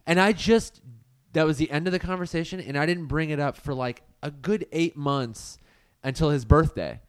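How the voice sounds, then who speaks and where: A man co-hosting a podcast, telling an animated anecdote in casual chat. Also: on the high side, normal speed, smooth, dry recording. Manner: animated anecdote-teller, mimics friends' voices. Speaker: podcast co-host.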